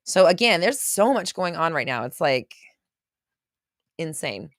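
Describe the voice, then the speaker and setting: A mindset coach from California hosts a casual livestream in a low, sing-song voice, chatting and rambling through viewer comments. She laughs and gasps often. The studio-quality recording has no echo.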